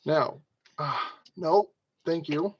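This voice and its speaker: A high-pitched man talks his way through a model kit build, unhurried and rambling. He scolds stubborn tools and pokes fun at himself. The sound is dull and lo-fi. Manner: rambling, talks to objects, self-deprecating. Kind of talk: rambling casual build vlog.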